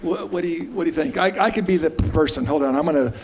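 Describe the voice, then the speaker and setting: A man with a strongly gravelly, fry-laden voice leads an onstage conversation. His pitch sits a bit high for a man, and he talks in a loose, rambling way. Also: fast talker. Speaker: interviewer.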